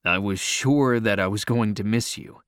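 A man reading a story aloud and voicing a nervous, soft-spoken teenage boy in a slightly lowered, hesitant voice. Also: moderate pace, clear, resonant tone, no echo, studio quality, natural voice. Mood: shy.

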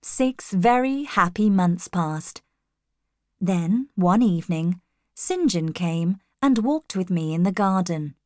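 A woman narrating a storybook in the first person, reading clearly and carefully. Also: lowish voice, lively intonation, slow pace, a little mellow, no room sound, studio quality. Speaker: audiobook narrator.

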